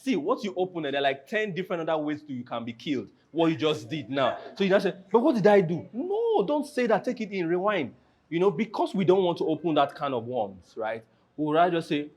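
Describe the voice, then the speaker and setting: A man hosting a panel discussion, animated and acting out quoted lines as he talks. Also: fairly high pitch.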